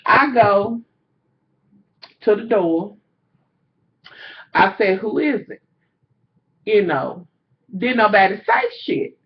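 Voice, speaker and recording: Loud, animated woman vlogger. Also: medium pitch, slow, long pauses. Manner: loud, animated storytelling, heavy cursing, slangy. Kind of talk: casual storytime chat to camera. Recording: slightly dull lo-fi home recording.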